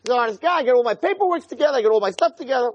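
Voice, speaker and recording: An earnest young peasant who was once a prince, fussing over his papers and claims in a fairly high, lively voice, as a preacher acts him out. A man voices him. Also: very fast, muffled recording. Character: young exiled prince, now a hopeful peasant.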